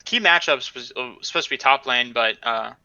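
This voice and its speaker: A man with a very bright, smooth voice chats hesitantly about esports on a podcast, leaning on fillers and trailing off. His mic sounds dull and lo-fi, and the room is dry. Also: mid-range voice, normal speed, no room sound. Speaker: podcast co-host. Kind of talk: casual esports analysis chat.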